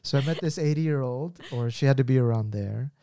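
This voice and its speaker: A man in his thirties hosting a podcast and telling a story in an animated, casual way, laughing at himself. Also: medium pitch, brisk, no echo. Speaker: podcast host.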